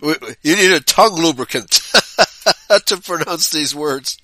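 A man co-hosting a talk show in casual, chatty conversation, chiming in with quick affirmations and chuckles. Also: a little high, animated, pushed and bright, dry recording. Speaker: podcast co-host. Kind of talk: casual chat.

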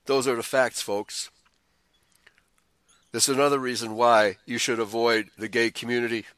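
A man's voice: medium pitch, little pitch movement, moderate pace, fairly bright tone, no room sound. A man hosting a commentary show, reading news items aloud and adding sarcastic, scornful asides, often chuckling and stumbling over repeated words.

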